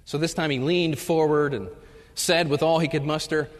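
A man's voice: a little high, steady tone, moderate pace. Guy professor doing a chapel talk, jokey stories, long reverb from a big room. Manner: storytelling, acts out jokes with loud shouted voices. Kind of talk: humorous chapel talk with anecdotes. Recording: long reverb of a large hall.

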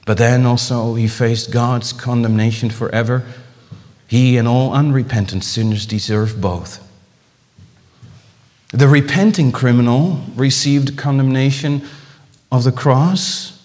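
Impassioned preacher in a reverberant hall. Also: male voice, medium pitch. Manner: impassioned, swinging from loud exclamations to hushed, drawn-out phrases; repeats words as he builds phrases. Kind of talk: sermon.

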